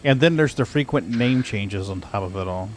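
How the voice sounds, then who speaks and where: A man's voice: lowish voice, animated, normal speed, slight background noise. An American man chatting casually while playing a game, easygoing and rambling. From United States. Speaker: streamer. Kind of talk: casual gaming chat.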